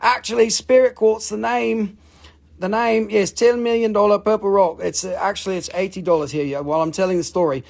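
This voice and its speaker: Brief: high-voiced, husky, wisecracking man hosting a live crystal sale, swears freely. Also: steady tone, brisk. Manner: joking, rambling, cusses a lot. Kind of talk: casual live sales chat.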